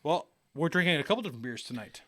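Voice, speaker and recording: A man co-hosting a casual podcast, talking crudely and excitably in loose, rambling banter. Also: a little high, very fast, no room sound, clean studio sound. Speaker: podcast co-host.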